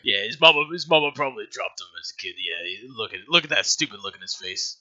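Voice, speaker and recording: A man's voice: on the low side, expressive, fast, bright, forceful tone, lo-fi sound. A man voicing a hostile, paranoid scaly male tavern thug who mocks and threatens. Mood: mocking. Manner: mocking, threatening.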